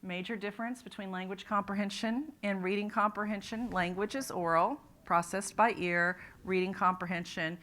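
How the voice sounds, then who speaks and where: A woman's voice: medium pitch, fairly even intonation, normal speed, few pauses, a bit bright. A woman presenting a literacy talk at a conference, explaining ideas step by step with frequent restarts. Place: conference room.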